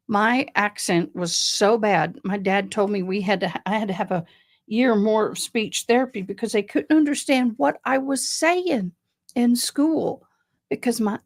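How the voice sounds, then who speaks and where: Slow-talking Southern woman livestreaming. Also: mid-range voice. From Tennessee, US. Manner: slow, chatty, reading out viewer comments. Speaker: livestream host. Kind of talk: casual livestream chat with viewers.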